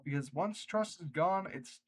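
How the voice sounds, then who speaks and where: A man's voice: a little high, expressive, unhurried, a little hiss or hum, poor audio. A man reading online workplace stories aloud, breaking off for chatty reactions. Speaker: reddit story narrator.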